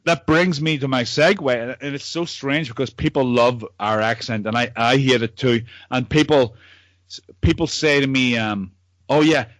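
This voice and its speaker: A man's voice: mid-range voice, normal speed, fairly bright tone, no room sound. A Northern Irish man chatting loosely with old friends over a video call. He rambles and stumbles over repeated words, swearing as he goes. His voice sits in a middle range and is recorded dry, with no room sound. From Northern Ireland. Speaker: podcast host. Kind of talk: casual chat among old friends.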